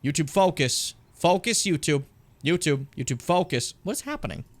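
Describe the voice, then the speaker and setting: Young male streamer, lively swinging delivery, chatty and profane, talking to chat mid-game. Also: fairly high pitch, normal speed. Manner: chatty, swears a lot, talks to chat. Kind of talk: casual gameplay commentary.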